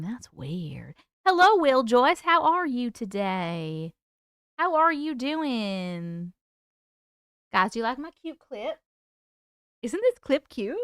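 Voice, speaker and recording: A tired woman hosting a live stream at home, chatting casually and warmly greeting viewers by name as she reads their comments. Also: medium pitch, no room sound, clean studio sound. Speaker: host.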